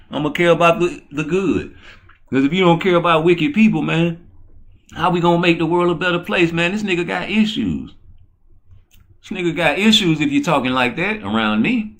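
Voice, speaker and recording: A man hosting his own channel, talking in a profane, boisterous, rambling way that swings between low mutters and loud excited bursts. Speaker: channel host. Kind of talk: rambling livestream talk.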